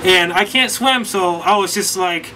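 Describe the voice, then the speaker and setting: Male vlogger, high and sharp-toned, animated rambling storyteller. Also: unhurried, a little hiss or hum, low-quality recording. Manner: rambling, animated, lots of fillers. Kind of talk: casual storytelling recap.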